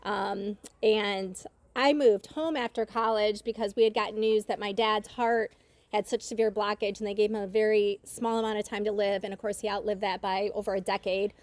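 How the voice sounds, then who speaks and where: A middle-aged woman giving an earnest, reflective family tribute at a gathering, telling personal stories with many small pauses. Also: mid-range voice, steady tone, no room sound. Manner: earnest, reflective storytelling with fillers.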